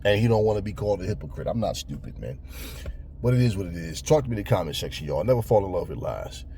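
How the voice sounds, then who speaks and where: A man's voice: low voice, sing-song, fast talker, gravelly, mellow, a little hiss or hum. A man ranting bluntly about boxing in casual talk, cursing often and stumbling over repeated words. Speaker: boxing commentator. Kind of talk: casual opinion rant.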